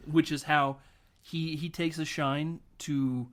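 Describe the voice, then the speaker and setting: A man's voice: a little high, level tone, slow. A man hosting a film podcast, casually recapping a movie, laughing often and acting out quotes.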